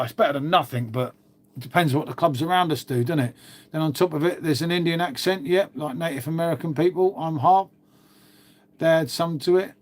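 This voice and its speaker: A man, a livestream host rambling casually and answering his viewers, calling everyone mate. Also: fairly high pitch. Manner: rambling and chatty, calls people mate.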